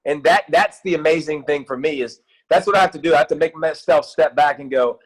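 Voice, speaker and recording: A man in his thirties, a youth football coach, talking in an excited, rambling way with many restarts in a casual interview. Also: a little high, brisk, breathy edge, low-quality recording.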